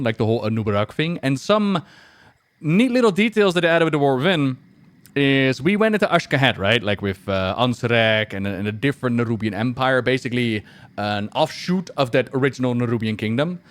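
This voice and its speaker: Animated man streaming a game. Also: medium pitch, brisk, no echo. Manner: animated, chatty, laughs often. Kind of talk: casual game commentary.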